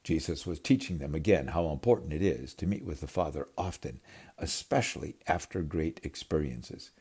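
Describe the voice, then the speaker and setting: Male preacher, storytelling sermon, very low husky voice, lively dramatic delivery. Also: normal speed. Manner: addresses listeners as friends.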